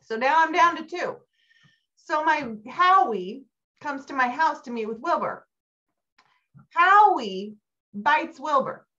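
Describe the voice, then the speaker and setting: A middle-aged woman giving a motivational keynote talk, telling stories with animated energy and climbing high when excited. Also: a little slow. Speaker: keynote speaker. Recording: dull lo-fi recording.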